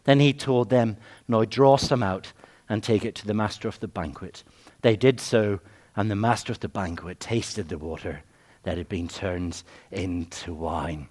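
A man delivering a sermon, building his points through repeated phrases and slowing down on key words. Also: lowish voice, fairly even intonation, darkish tone. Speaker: preacher.

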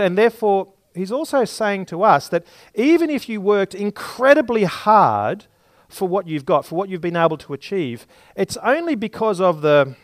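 Male preacher, slightly higher voice, dry close mic, sermon with homely examples. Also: no room sound. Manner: explains scripture with everyday examples, some restarts.

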